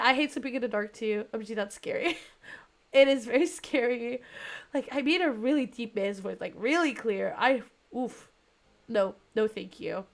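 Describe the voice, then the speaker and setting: A young woman streamer chatting casually with her viewers, giggly and rambling, full of fillers and restarts. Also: fairly high pitch. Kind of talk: casual live-stream chat reading viewer messages.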